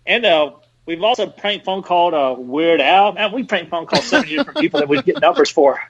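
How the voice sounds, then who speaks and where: Man, high voice, casual storytelling, animated, laughs mid-sentence, dull dry recording. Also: fairly quick, crowd noise. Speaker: podcast host.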